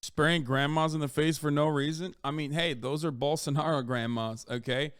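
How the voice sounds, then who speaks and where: A man streaming, ranting in casual commentary with a profane, mocking edge that swings from low mutters to loud outbursts. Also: steady tone, moderate pace, clean tone, no echo, clean studio sound.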